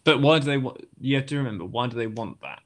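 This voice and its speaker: A man's voice: medium pitch, expressive, quick pace. A man in a casual football discussion, explaining his views and defending his club.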